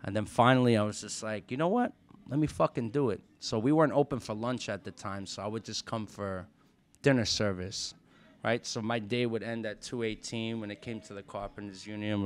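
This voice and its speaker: A man, a restaurant owner telling stories on a podcast in casual, profane chat and acting out quotes. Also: fairly low pitch. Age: 30s.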